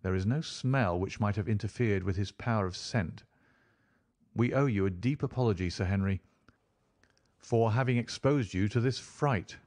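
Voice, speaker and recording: A man doing a calm, commanding detective. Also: on the low side, normal speed, close to an everyday voice. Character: calm, commanding male detective, middle-aged.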